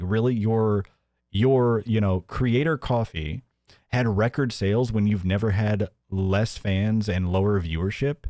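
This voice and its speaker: Sarcastic laughing streamer, dry close sound. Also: male voice, a little mellow, dry recording. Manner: sarcastic, laughs often, mimics in a high voice. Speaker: commentary streamer host. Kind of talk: mocking live-stream commentary.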